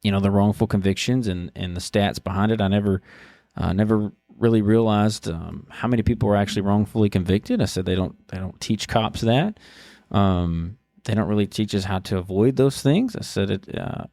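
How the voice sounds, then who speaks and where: A low-pitched man in his thirties tells a story on his podcast in a relaxed, halting way, full of restarts and fillers. His voice has a gravelly edge, and the recording is dry and close. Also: no echo. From Texas. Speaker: podcast host. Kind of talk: casual storytelling monologue.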